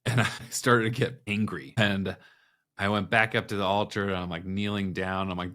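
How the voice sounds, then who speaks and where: A man's voice: lowish voice, normal speed. A man, a podcast guest, candidly retelling a personal experience, acting out the thoughts and voices in it. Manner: candid, animated retelling with quoted inner dialogue. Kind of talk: personal storytelling in an interview.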